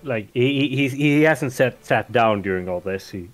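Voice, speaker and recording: A man's voice: medium pitch, lively intonation, normal speed, soft background music. A man playing a tabletop game, describing his character's actions hesitantly with many fillers and restarts. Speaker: player.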